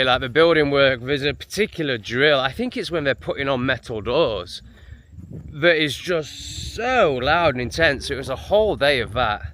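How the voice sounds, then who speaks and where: An English man chatting to camera in a vlog beside a lake, animated and full of asides. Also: mid-range voice. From England. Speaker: vlogger. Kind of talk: casual vlog talk to camera. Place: outdoors by a lake. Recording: noisy outdoor recording.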